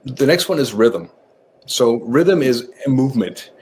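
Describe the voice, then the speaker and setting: A guest author on nervous system training appears on a conversational podcast interview, speaking at medium pitch and a measured pace. He explains his ideas casually, acting out little examples with animation. A little hiss or hum sits under the audio.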